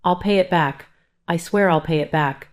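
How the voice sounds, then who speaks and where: A guilt-ridden gambling son-in-law who stammers and begs, as a woman reads him in a low voice. He sounds cornered and desperate in this audio storybook. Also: moderate pace, natural voice. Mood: pleading. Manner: pleading, stammering.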